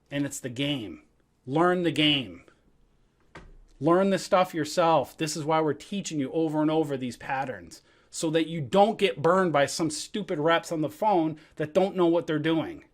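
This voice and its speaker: A man who teaches stock trading, ranting heatedly about his brokerage, swearing, with loud outbursts and muttered asides. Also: on the high side. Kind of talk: angry livestream rant.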